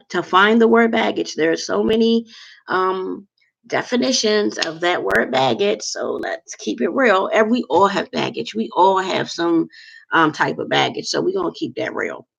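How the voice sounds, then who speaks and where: Woman livestreamer, gravelly voice, blunt unfiltered rant full of fillers, dull lo-fi sound. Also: lowish voice, lively intonation, measured pace. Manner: blunt, candid, rambling with fillers.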